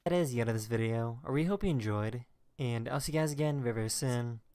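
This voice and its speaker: A man's voice: medium pitch, fast talker, clean tone. A man reading scripted, matter-of-fact narration for a compilation of internet clips. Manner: even, matter-of-fact captioning.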